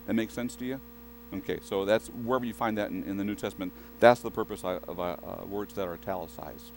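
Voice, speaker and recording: A man's voice: medium pitch, low-quality recording. A male pastor preaching a sermon in a conversational way, often restarting his sentences and turning to the congregation with asides.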